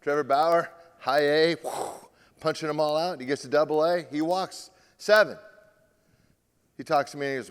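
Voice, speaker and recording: A male pitching coach giving a lively live talk to players and parents, acting out what players say. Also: normal speed, long pauses, clean tone, big-room sound. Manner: animated, acts out quotes from players. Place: large room with a live audience.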